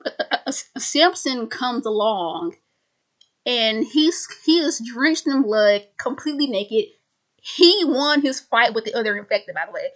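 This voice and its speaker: A woman recaps a film in a casual, rambling way, stuttering and repeating words as she goes. She uses many fillers. Her voice sits fairly high. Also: fairly bright tone. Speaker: video host retelling a film.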